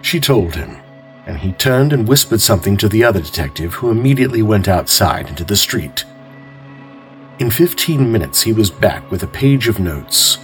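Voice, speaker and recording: Calm, expressive male mystery narrator. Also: fairly low pitch, faint music behind. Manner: measured, expressive storytelling. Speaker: host and narrator.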